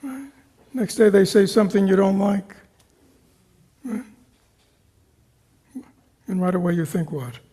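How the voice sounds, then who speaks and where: A man leads a dharma talk for a live retreat group in a meditation hall, teaching meditation in a high-pitched, gravelly, husky voice with lively intonation. His pace is measured with frequent pauses. He questions his audience, repeating "right?" and "you know," and drops to soft whispers at times.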